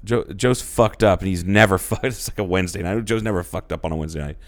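A man's voice: deep voice, fast talker. A man in his thirties, a podcast co-host, telling rambling stories in casual chat, swearing freely and acting out quotes. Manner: loose storytelling, swears freely, acts out quotes.

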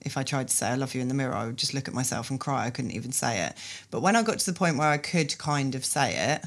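A woman's voice: a bass voice, fast. A woman hosting a podcast, chatting candidly and expressively with her guest. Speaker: podcast host. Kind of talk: casual interview chat.

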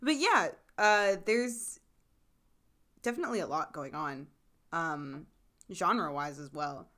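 A woman's voice: sits low, lively intonation, slow pace, pushed and bright. A young woman co-hosting a casual recap chat, talking in a loose, chatty way with many fillers and frequent laughter. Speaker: podcast co-host.

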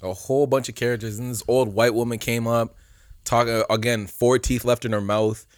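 A man's voice: mid-range voice, fairly even intonation, normal speed, dry recording. Laid-back man, dry sound. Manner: laid-back, slangy, chuckling. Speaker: podcast co-host. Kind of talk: casual storytelling chat.

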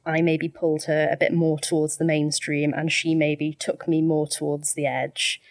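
Brief: lower-pitched woman, easygoing podcast host, dry sound. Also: normal speed, no room sound. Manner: relaxed, chatty, laughs lightly. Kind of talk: casual chat.

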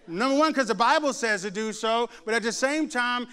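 A man's voice: very high-pitched, a little fast, hardly any pauses, clear, resonant tone. A middle-aged man preaching a sermon, telling stories with humor and acting out the voices of others. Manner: animated, jokes and mimics voices. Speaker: pastor. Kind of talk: sermon with storytelling. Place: church before a laughing congregation.

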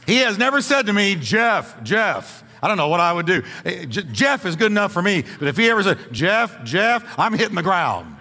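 A man's voice: high voice, sing-song, fast talker, few pauses, pushed and bright, in a large hall. A man preaching a sermon as pastor, emphatic and playful, leaning hard on repeated words for effect. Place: church sanctuary.

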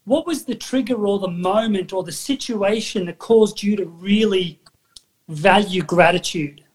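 A man's voice: sits high, unhurried. A man hosting a podcast, talking in an enthusiastic, encouraging way. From Australia. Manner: enthusiastic, encouraging, backchannels often. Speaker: podcast host. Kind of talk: casual interview chat.

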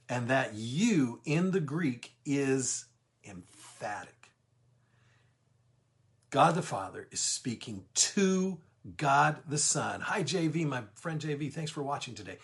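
Welcoming viewers as they arrive, this middle-aged man runs a livestreamed Bible study with an emphatic delivery that slows down on important words. His pitch is fairly high.

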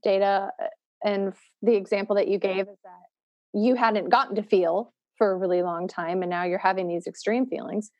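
A woman's voice: medium pitch, steady tone, moderate pace, no room sound, dull audio. Thoughtful woman host, dry sound. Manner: thoughtful, summarizing, probing. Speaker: podcast host. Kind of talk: reflective interview talk.

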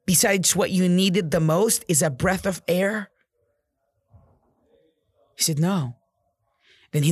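A man's voice: sits high, no echo. A man in real estate giving an intense, profane motivational monologue, repeating himself for emphasis.

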